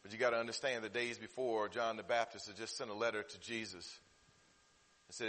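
A man preaching a sermon, dropping to hushed low passages and then building to loud, emotional peaks. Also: fairly even intonation, brisk. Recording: long hall reverb.

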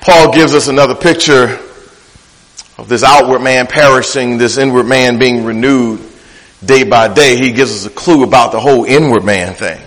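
A man's voice: mid-range voice, moderate pace, a bit bright, long reverb tail, rough recording. A man preaching a sermon, with a rhythmic, playful preacherly delivery that repeats words for emphasis. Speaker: pastor. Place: church.

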